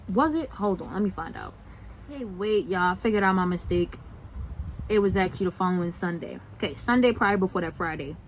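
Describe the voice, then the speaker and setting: A man's voice: high-pitched, animated, brisk, slight background noise, rough recording. A young man vlogging, venting about a breakup in a heated, sarcastic, profane way. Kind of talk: venting story-time vlog.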